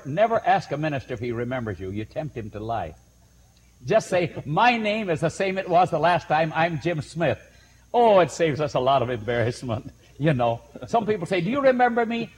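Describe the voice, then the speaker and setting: A man's voice: fairly high pitch, breathy edge, low-quality recording. An older man preaching, telling folksy stories and chuckling between anecdotes. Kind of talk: storytelling sermon.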